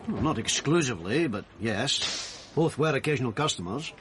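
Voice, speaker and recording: An actor playing a fussy, flustered wine merchant in a period crime drama. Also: male voice, medium pitch, lively intonation, moderate pace, noisy background, close to an everyday voice. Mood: genial. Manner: fussy, flustered, nervous laughs. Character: fussy, genial older male wine merchant.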